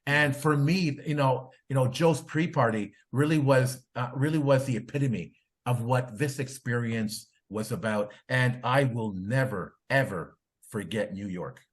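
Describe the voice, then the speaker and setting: A man hosting a podcast in casual chat, excitable, his voice climbing when he gets going. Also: mid-range voice, a little slow. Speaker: podcast host.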